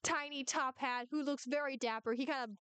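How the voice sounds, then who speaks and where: A woman's voice: high-pitched, fairly even intonation, fairly quick, fairly bright tone, dry recording. A woman running a tabletop game over a video call, narrating in a giggly, rambling way. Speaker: game master.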